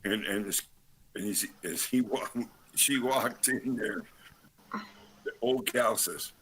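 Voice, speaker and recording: A man from California calling in to a live chat and telling a story, with halting restarts. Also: on the low side, a bit bright, a little hiss or hum, poor audio. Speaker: regular caller. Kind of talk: casual chat.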